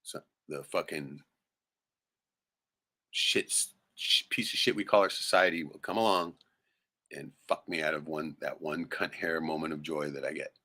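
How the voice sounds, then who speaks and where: A man's voice: extremely low pitch, fairly even intonation, moderate pace, pushed and bright. A man hosting a livestream, venting in a profane, rambling, heated way and tossing in "right?" constantly. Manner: peppers speech with "right?". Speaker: livestream host. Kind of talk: casual livestream rant.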